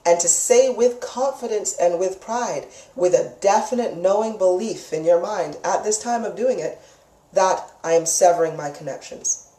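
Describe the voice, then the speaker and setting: A woman's voice: medium pitch, normal speed, warm tone. A woman teaching a live lesson on energy healing in an instructive, emphatic way, repeating key phrases and checking in with "okay?". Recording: echoey room, mic far off.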